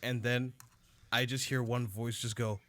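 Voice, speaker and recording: Rambling crude podcast host. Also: male voice, medium pitch, level tone, measured pace, fairly bright tone. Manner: rambling, crude, restarts a lot. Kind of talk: casual chat, telling a story.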